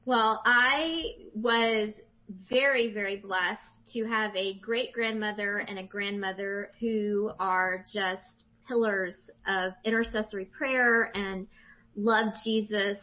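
A woman in her forties, a guest telling her personal faith testimony with animated emotion. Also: medium pitch, slow. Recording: dull lo-fi sound.

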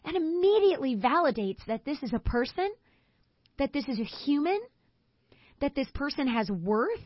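A woman co-hosting a Bible discussion, an animated storyteller who acts out the quotes she tells. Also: high-pitched, normal speed, no echo, dull audio. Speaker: co-host.

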